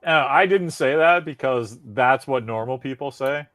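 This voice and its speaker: A man co-hosting a casual podcast who rants in a heated, profane way and breaks into laughter between points. His voice sits at an ordinary pitch. The sound is dry and close, with no room echo. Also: normal speed. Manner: animated, profane ranting with frequent laughs. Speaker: podcast co-host. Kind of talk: casual chat.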